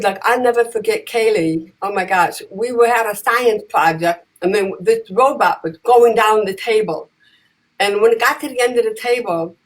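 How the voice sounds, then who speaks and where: A woman telling lively stories in casual conversation, acting out the voices of the people in them. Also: fairly high pitch, husky, rough recording. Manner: animated, acts out voices in her stories. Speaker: guest, comedian and advocate. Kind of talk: conversational storytelling.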